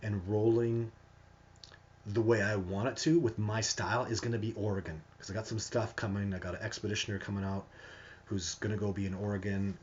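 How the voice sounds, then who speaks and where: A man's voice: on the low side, a little fast, dull audio, a little hiss or hum. A man hosting a live stream, answering viewer questions in a casual, emphatic way and often restarting his sentences. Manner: emphatic and animated, with frequent restarts.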